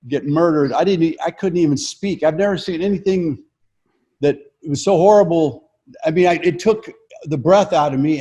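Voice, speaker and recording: An older comedian from Colorado in casual chat, animated, acting out quotes, with halting restarts. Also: male voice, on the high side. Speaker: guest comedian.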